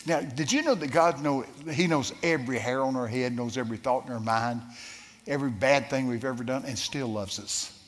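A man preaching a sermon, telling a story with lively shifts and asking the congregation questions. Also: medium pitch, slight background noise. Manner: storytelling, animated, asks the crowd questions. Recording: long hall reverb.

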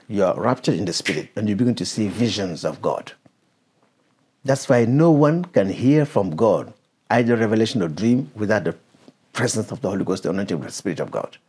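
Husky-voiced man teaching the Bible. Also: fairly low pitch, darkish tone. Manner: interrupts the reader to explain, asks questions. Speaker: preacher.

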